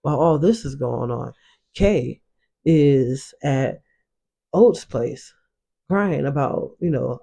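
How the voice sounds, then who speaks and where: A man's voice: mid-range voice, animated, takes it slowly, creaky, long pauses, mellow, faint music behind. A man casually recapping drama episodes in loose, slangy storytelling, acting out the characters' lines as he goes. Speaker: show reaction host.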